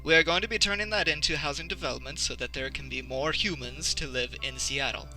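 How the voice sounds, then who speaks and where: A haughty vampire prince, put on by a man running a tabletop game, speaks with icy formality and a crisp, bright edge. Every word is measured and dismissive, and he answers objections curtly. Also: on the high side, soft background music, poor audio. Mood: cold. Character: haughty vampire prince, male, cold and commanding.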